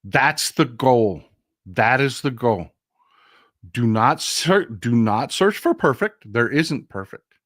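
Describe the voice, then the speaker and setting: A man hosting a casual political livestream, talking straight to his viewers in a profane, animated way and calling them folks. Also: mid-range voice, takes it slowly, dry recording, clean studio sound. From Texas. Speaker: political commentary host.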